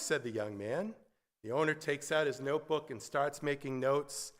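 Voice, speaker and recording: A man's voice: medium pitch, steady tone, normal speed. A man leading a Shabbat service, singing prayers and then giving a sermon with a story and dry asides. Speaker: service leader. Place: synagogue sanctuary. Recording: echoey hall with guitar behind.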